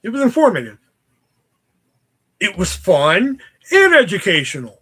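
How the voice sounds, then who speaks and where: A man's voice: sits high, wildly swooping pitch, a little slow, a bit bright, breathy edge. A man hosting a casual livestream, chatting with viewers in a profane, joking, rambling way. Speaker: livestream host.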